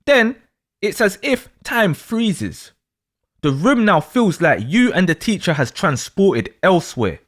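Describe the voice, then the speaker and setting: A man narrating a second-person story with real drama in his delivery. His voice sits high for a man and leaps around in pitch. He is animated, pulling the listener along. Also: takes it slowly. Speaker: astrology storyteller.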